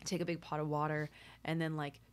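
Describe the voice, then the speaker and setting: Brief: woman co-host, lowish voice, loose and profane, quick to laugh. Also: little pitch movement. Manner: rambling, profane and laughing easily. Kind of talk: casual chat.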